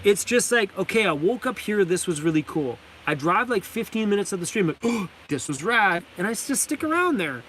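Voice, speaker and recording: Canadian guy live streaming from his van, high voice, laughs a lot, faint vehicle hum behind. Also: very animated, brisk, few pauses, fairly bright tone. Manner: enthusiastic, laughs often, reads chat names aloud. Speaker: vlogger hosting a live stream. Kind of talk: casual live stream chat. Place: inside a parked van.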